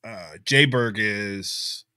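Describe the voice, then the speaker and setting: A man co-hosting a casual podcast, talking in a relaxed, rambling way with many fillers. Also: lowish voice, drawn-out words, clean tone, no room sound, clean studio sound. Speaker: podcast co-host, musician. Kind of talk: casual chat.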